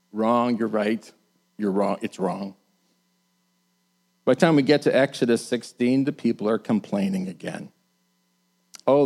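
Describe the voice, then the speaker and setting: A man preaching a sermon. He is animated, rises to emphatic bursts, and acts out quoted lines. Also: fairly high pitch.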